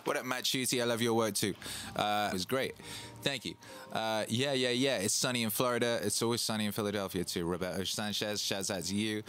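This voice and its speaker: A man hosting a casual livestream, hyped and boastful, repeating himself and giving shout-outs to viewers. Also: fairly low pitch, steady tone, a little fast. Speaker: livestream host and DJ. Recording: faint music in the background. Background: Christmas music playing.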